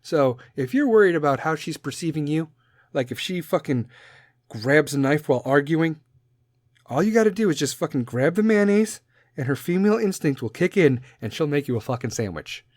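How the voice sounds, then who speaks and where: A man in his thirties hosts a podcast, rambling through a profane comedic monologue and laughing at his own jokes. He's animated at a normal pace, swinging between loud outbursts and low mutters, in a studio-quality recording with no echo.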